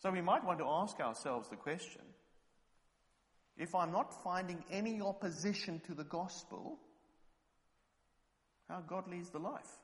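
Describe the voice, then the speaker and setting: A man from England preaching a sermon, telling anecdotes and building up to loud, fervent exhortation. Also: high voice, measured pace, long pauses, big-room sound.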